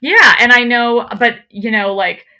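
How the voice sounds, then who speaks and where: A woman's voice: on the high side, measured pace, pushed and bright. A woman hosting a comedy podcast, chatting loosely with lots of swearing and laughter, then reading a story aloud. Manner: chatty, profane, laughs often, rambling. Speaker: podcast host.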